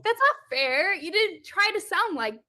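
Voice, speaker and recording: A woman's voice: extremely high pitch, big pitch swings, a little slow, sharp tone. A woman co-hosting a library livestream, chatting casually in a bubbly, giggly, rambling way. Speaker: co-host, teen librarian. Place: home room with bookshelf.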